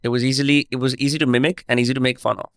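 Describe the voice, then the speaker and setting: A man from India with an Indian accent tinged with an American twang, hosting a podcast with candid, relaxed questions. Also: mid-range voice, rapid-fire, creaky, clear, resonant tone, no echo. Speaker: podcast host. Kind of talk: casual interview chat.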